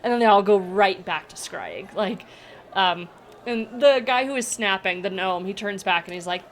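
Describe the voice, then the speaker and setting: A woman's voice: medium pitch, lively intonation, normal speed, slight background noise. Casual woman narrating a game. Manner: casual, filler-heavy narration. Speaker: game master.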